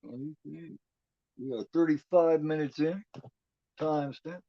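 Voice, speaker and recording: A man's voice: fairly high pitch, unhurried, no echo. Guy cussing and chatting through a slasher watchalong, dull dry mic. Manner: chatty, profane, talks back at the screen. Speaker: watch-along commentator. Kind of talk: casual movie commentary.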